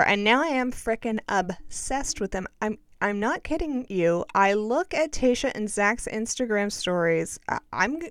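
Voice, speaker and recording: Woman podcast host, casual chat, quick sarcastic asides, crisp voice. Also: mid-range voice, fairly bright tone, dry recording, clean studio sound. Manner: chatty, sarcastic, self-deprecating.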